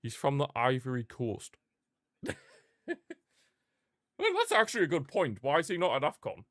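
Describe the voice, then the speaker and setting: A man's voice: medium pitch, wildly swooping pitch, moderate pace, a bit bright, dry recording, clean studio sound. A young man, chatting casually and reacting aloud while he watches a football match live.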